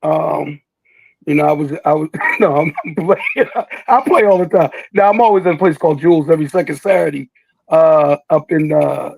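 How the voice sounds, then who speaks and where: An older man tells stories as an interview guest, joking and breaking into impressions. His voice sits high and has a gravelly, husky edge. The sound is close and dry. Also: normal speed, darkish tone, no room sound, poor audio. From Philadelphia. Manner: jokey, laughs a lot, slips into impressions. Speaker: guest, veteran rapper. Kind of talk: casual interview chat.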